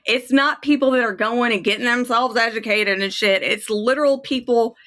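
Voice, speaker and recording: Worked up and swearing, a woman rants angrily in casual chat as a kratom advocate on a livestream. She talks at a normal speed, her voice a little high with a fairly bright tone.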